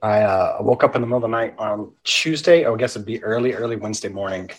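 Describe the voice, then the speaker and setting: Laid-back man with a husky voice. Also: fairly low pitch, fast talker, low-quality recording. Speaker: podcast co-host. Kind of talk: casual chat.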